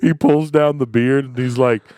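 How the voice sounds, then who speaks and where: A man's voice: mid-range voice, steady tone, moderate pace, darkish tone, dry recording. A young man co-hosting a podcast, casual comedic chat, riffing absurd bits and laughing often. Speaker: podcast co-host.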